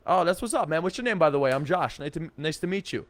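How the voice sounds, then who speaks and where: Guy doing a loud friendly dude at a bar, all slang and good vibes, kinda high voice, dry sound. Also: animated, quick pace, dry recording, lightly acted. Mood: chummy. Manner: loud, upbeat, casual slang. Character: friendly loud young guy approaching a group.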